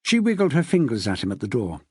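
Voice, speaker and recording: A man narrating an audiobook in an expressive way, shifting his pitch for the characters. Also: fast talker, breathy edge, no echo, clean studio sound. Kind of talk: scripted narration.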